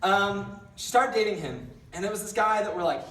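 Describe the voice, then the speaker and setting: A man's voice: sits high, lively intonation, moderate pace, a bit bright, echoey room, far from the mic. A young man giving a casual youth sermon, telling a rambling story with lots of fillers and self-deprecating jokes. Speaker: youth pastor. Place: large church hall.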